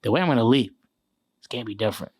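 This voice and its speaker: Iraqi accented guy telling army stories, swears a lot, dry close mic, mid pitch. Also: very fast, breathy edge, no echo. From Iraq. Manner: animated storyteller, swears freely, acts out quotes. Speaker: interview guest, former soldier. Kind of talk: casual storytelling interview.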